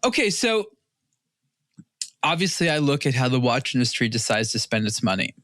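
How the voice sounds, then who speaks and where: A man's voice: medium pitch, sing-song, normal speed, a bit bright, no echo, clean studio sound. A man co-hosting a watch podcast in casual panel chat, rambling with many fillers and restarts.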